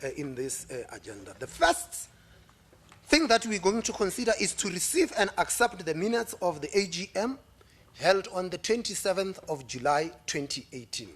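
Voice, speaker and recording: A man with a South African accent chairs a formal meeting. His voice sits high for a man, and he reads through the agenda items steadily, pausing briefly with small fillers. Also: very animated, fairly bright tone, slightly rough.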